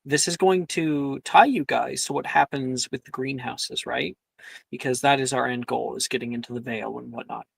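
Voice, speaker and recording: Laid-back gravelly game master man. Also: mid-range voice, fairly even intonation, normal speed, no echo. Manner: laid-back, laughs often, voices characters briefly. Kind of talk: narrating a tabletop game.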